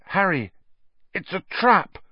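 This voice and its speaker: A man's voice: high-pitched, sing-song, slow pace, breathy edge, dry recording, muffled recording, pitched above the performer's own voice, exaggerated voice. A man voicing an injured teenage boy speaking through gritted teeth, raised and strained. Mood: pained.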